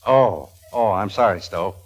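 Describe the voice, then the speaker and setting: An actor playing a dryly exasperated astronomer husband in a 1940s radio comedy, with sardonic quips. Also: male voice, on the low side, measured pace. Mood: sardonic, giddy.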